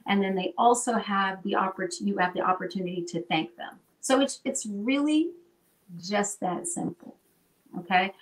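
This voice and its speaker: A woman teaching in an animated, conversational way, often checking in with "right?". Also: medium pitch, moderate pace, far from the mic, low-quality recording. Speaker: guest teacher.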